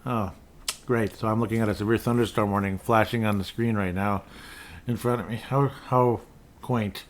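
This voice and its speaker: Low-voiced rambling podcast host, a man. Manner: rambling, reads scores aloud, dry sarcastic asides. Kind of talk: casual solo sports talk. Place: indoors at a desk in front of a screen.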